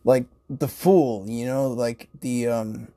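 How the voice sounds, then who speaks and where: A man's voice: mid-range voice, fairly even intonation, takes it slowly, warm tone. A man who works in a grocery store, telling casual stories in a rambling way, swearing and laughing often. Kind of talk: casual storytelling.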